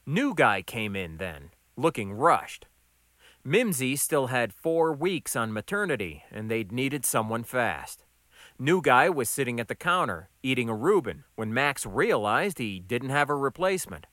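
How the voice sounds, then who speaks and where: A man narrating a story with a wry, brisk delivery. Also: medium pitch, sing-song, a bit bright, no echo, studio quality. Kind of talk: audiobook narration.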